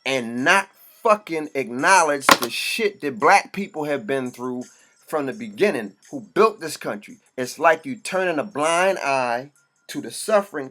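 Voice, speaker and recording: A man's voice: fairly high pitch, sharp tone. A man delivering an impassioned, profane monologue. He talks bluntly and preaches in short bursts.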